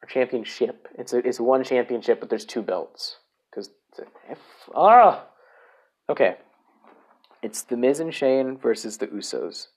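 A man talking alone on a casual podcast, rambling through his picks at a mid-range pitch. He swears freely and keeps interrupting himself to restart his sentences. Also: animated, unhurried, long pauses, darkish tone, slightly rough. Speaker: podcast host. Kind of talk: casual solo podcast rant.

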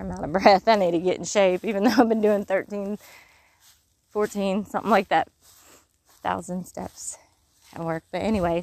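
A woman with a Mississippi accent talking casually about her faith outdoors in the countryside and reading scripture aloud in folksy, halting bursts. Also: medium pitch, darkish tone. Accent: Mississippi Southern. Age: adult, has kids. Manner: folksy, talks in short restarted bursts. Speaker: vlogger.

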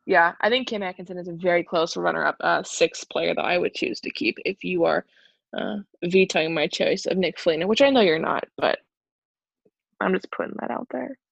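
A woman's voice: on the low side, a little fast, vocal fry, dry recording, highs cut off. A woman co-hosting a podcast, chatting casually and giving strong opinions on hockey, full of "like" and asides. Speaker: podcast co-host. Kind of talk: casual sports chat.

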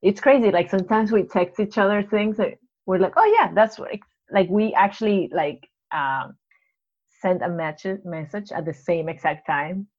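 A woman co-hosting a casual podcast, bubbly and quick to laugh. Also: fairly low pitch, a little mellow. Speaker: podcast co-host. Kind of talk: casual chat. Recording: lo-fi, dull sound.

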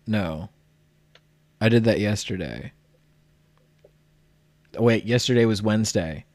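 A laid-back man co-hosting a podcast, trading dry jokes in easy casual chat. His voice sits low, and the close mic gives a dry sound. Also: slow, darkish tone, no echo. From United States. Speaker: podcast co-host.

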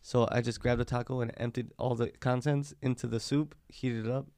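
A hoarse man co-hosting a podcast, joking and telling rambling stories over beers. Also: mid-range voice, little pitch movement, fairly quick, a little mellow, no echo, clean studio sound. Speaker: podcast co-host. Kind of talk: casual chat over beers.

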